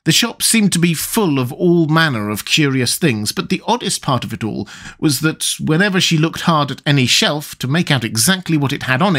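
A man narrating a classic children's novel as an audiobook, measured and expressive. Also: on the high side.

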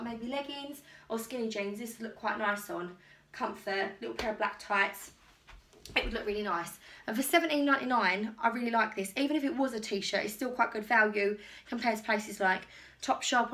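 A woman's voice: on the high side, fairly bright tone. A young woman chatting casually through a clothing try-on haul at home, rambling and poking fun at herself. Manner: chatty, self-deprecating, rambling. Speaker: vlogger. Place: home bedroom.

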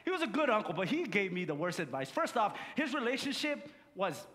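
High-voiced bright pastor preaching. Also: male voice, brisk. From Samoa. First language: Samoan. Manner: animated storytelling with audience call-and-response. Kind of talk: sermon. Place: church sanctuary. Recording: long church-hall reverb.

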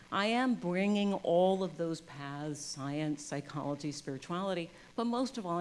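Expressive woman giving an inspirational talk. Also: low voice. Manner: expressive, swings from soft and intimate to loud and emphatic; acts out voices of people in her stories. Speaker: guest speaker at a church service. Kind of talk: inspirational talk on spirituality and love. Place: in front of a live congregation.

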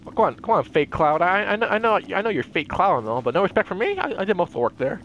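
A young man giving excitable, jokey commentary while playing a video game. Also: high voice, fast, lo-fi sound, a little hiss or hum. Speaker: gaming YouTuber. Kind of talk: casual gameplay commentary.

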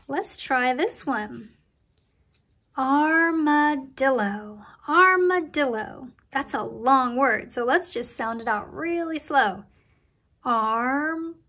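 A woman leads a preschool lesson in a high, bright voice. She speaks slowly and encouragingly, as if to small children. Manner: cheerful, slow and encouraging, talking to young children. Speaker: preschool circle time teacher.

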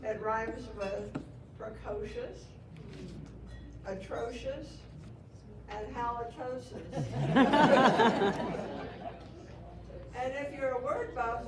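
A woman's voice: on the high side, steady tone, slow, pauses often. A woman playing Mary Poppins as a jokey magical nanny turned caretaker, chatty and self-mocking at a live event. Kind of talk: comic live character performance. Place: public square event. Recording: echoey, distant mic with ambient noise.

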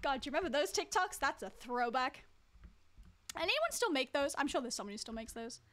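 A woman's voice: high-pitched, very animated, a little fast, a bit bright. A woman streaming a game live, chatting casually with viewers and teasing them as she plays. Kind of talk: casual live-stream chat while playing.

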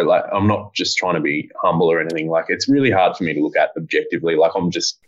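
A low-pitched man in relaxed podcast chat. He rambles with plenty of fillers and swears offhandedly. The audio sounds muffled and lo-fi. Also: fast. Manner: rambling, laid-back, swears casually. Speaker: co-host, bike part designer.

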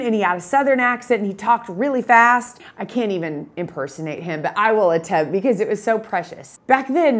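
A woman in her fifties who coaches photography business owners. She gives an energetic motivational talk and tells stories in a chatty way. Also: medium pitch.

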